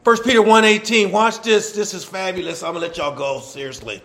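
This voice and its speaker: A man preaching a sermon, repeating his phrases for emphasis and moving between soft asides and loud, shouted points. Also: sits high, a little fast, gravelly.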